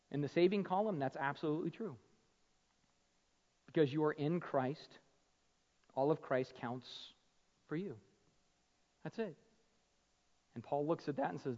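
A male pastor preaching a sermon, swinging from hushed, slow emphasis to loud, fervent passages. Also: fairly high pitch. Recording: muffled sound with long hall reverb.

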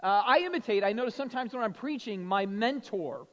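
A man delivers a sermon with a notably high pitch, talking conversationally to his congregation. He keeps adding "right?" to draw the room in. The sound is dull and lo-fi, and it echoes in a large hall. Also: animated, fairly quick. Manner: conversational, frequent "right?" tag questions. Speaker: pastor. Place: church sanctuary.

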